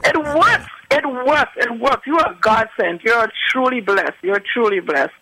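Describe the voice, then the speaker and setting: A woman calling in to give a radio testimonial, excited and repeating her phrases. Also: fairly high pitch, moderate pace, few pauses, no echo, low-quality recording. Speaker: caller giving a testimonial.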